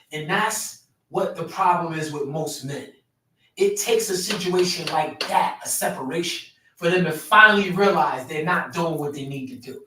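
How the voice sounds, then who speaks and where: A man's voice: fairly high pitch, moderate pace, pushed and bright, recorded from a distance. A man hosting a podcast and coaching other men in an emphatic conversational way, often repeating his key phrases. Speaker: podcast host, men's coach. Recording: very echoey room, voice away from mic.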